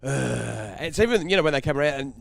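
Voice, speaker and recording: A man's voice: fairly high pitch, expressive, racing, slight background noise. A man with an Australian accent co-hosting a podcast, rambling through stories with plenty of swearing and laughter. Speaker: podcast co-host. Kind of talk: casual banter.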